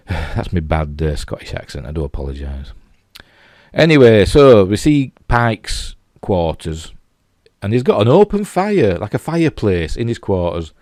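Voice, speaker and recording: A man's voice: fairly low pitch, very animated, a little slow, darkish tone, no room sound, studio quality. A man with a Yorkshire accent reviewing a TV episode in a loose, rambling way, full of "you know" and restarts. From Yorkshire, England. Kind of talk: casual spoken review.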